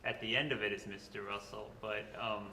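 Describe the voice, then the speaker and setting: A man, a former band student, telling an animated story to old friends, laughing often as he goes. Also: fairly low pitch, fairly quick, vocal fry, a little hiss or hum. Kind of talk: storytelling at a gathering. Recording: echoey room with crowd.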